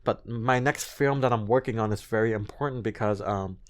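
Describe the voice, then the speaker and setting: A man with a light non-native accent, speaking as a guest in a casual interview in an earnest, expressive way with frequent restarts. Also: on the low side, brisk. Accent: light non-native accent in his English. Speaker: guest, recording artist and actor.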